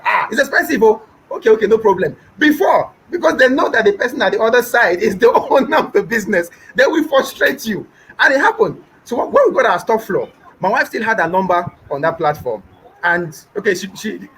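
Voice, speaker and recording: A man's voice: high voice, a bit bright, a little hiss or hum, rough recording. A young Nigerian man with a Nigerian accent, a business owner speaking in an interview, emphatic and repetitive, mimicking customers. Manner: emphatic, repeats points, mimics callers. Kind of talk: animated interview talk.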